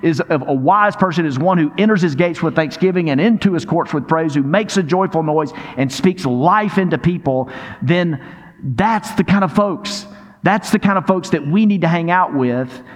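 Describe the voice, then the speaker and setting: A man delivers a sermon in a slightly raised pitch, lively and engaging as he prompts his congregation to respond. The long reverb of a large church sanctuary trails behind each phrase. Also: normal speed. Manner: animated preaching with audience prompts. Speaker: pastor.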